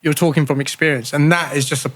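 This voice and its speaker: Cohost guy, quick and supportive, casual podcast chat. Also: fairly high pitch, steady tone, a bit bright. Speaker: podcast co-host.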